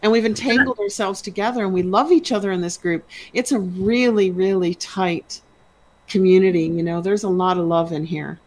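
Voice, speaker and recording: A woman's voice: medium pitch, moderate pace, slight background noise. A woman co-hosting a casual chat, speaking with gushing enthusiasm.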